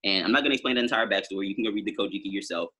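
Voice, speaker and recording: A man's voice: lowish voice, racing, sharp tone, breathy edge. A man talking as a musician guest on a podcast, telling long rambling stories full of fillers in casual conversation. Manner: rambling storytelling with many fillers.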